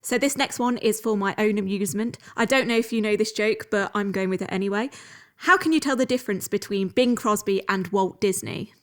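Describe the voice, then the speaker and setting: A woman interviewer runs through quick-fire questions, playful and amused. She laughs readily between them. Her voice sits at a middling pitch.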